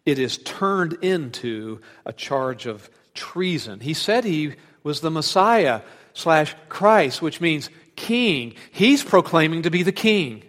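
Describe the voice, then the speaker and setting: Animated preacher in a reverberant hall. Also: male voice, fairly high pitch, slow pace. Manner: animated, dramatic shifts between loud emphasis and hushed asides. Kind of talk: expository sermon.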